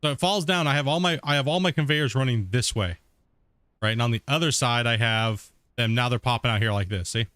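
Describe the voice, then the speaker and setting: A man casually talking while he streams a game, relaxed and rambling, often laughing. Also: mid-range voice, a little fast, clean tone, no room sound. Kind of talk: casual live-stream commentary.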